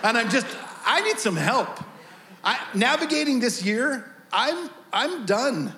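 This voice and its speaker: Pastor, male, higher register, animated storyteller opening a sermon. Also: unhurried, slight background noise. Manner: animated storytelling, acts out voices.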